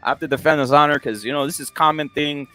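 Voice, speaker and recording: A young man co-hosting a casual boxing podcast, talking loud and animated with crude banter and many restarts. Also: a little high, quick pace, faint music behind. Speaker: podcast co-host.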